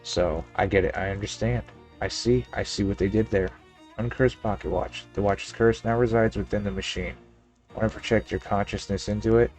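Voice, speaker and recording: Southern male let's-player, low voice, playful, reads game text aloud, faint music. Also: fairly even intonation, moderate pace, a little mellow. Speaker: gaming channel host. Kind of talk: let's play commentary reading game text.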